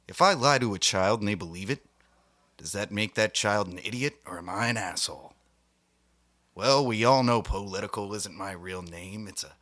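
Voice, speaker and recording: Mock-serious male comedy host, bright tone. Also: fairly low pitch, animated, moderate pace, dry recording. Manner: mock-serious, grandiose delivery with theatrical whispered asides. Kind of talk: satirical monologue.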